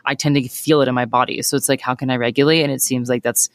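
A woman's voice: rumbling low, steady tone, fast talker, no room sound. Chatty woman podcast host, dry sound. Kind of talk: casual podcast chat.

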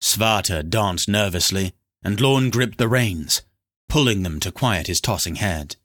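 A man narrating a fantasy novel in a steady, scripted storytelling read. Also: fairly low pitch, a little slow, no echo, clean studio sound. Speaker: audiobook narrator.

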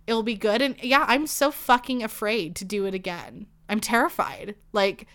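Young woman podcast host, raw confessional monologue, teary, swears freely, medium pitch. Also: normal speed, a bit bright. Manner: emotional, swearing, many fillers. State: holding back tears. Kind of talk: candid personal monologue.

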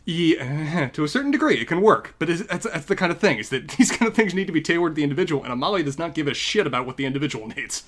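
A man's voice: fairly high pitch, expressive, quick pace, few pauses, fairly bright tone. A man co-hosting a podcast, giving opinionated critiques in casual discussion. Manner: opinionated, critiques character writing. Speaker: podcast co-host.

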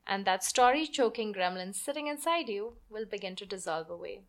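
A woman's voice: medium pitch, animated, brisk. A woman hosting a podcast who teaches storytelling for marketing and reads a short story aloud expressively.

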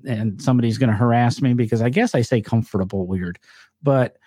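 A man's voice: medium pitch, a little fast, dark tone, no echo, clean studio sound. A man with a northern US accent, chatting casually about cars with rambling, filler-heavy storytelling. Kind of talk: casual chat.

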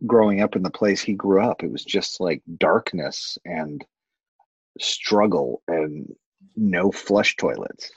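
A man in casual chat, telling stories in a wry, animated way. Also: low voice, slow pace, gravelly, husky, no room sound, lo-fi sound.

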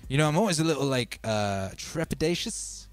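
A man hosting a live stream, chatting in a relaxed, rambling way and giving shout-outs to his viewers. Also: fairly high pitch, moderate pace, clean tone, no room sound, faint music behind. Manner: laid-back and rambling, reading out chat shout-outs. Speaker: livestream host. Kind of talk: casual live-stream chat.

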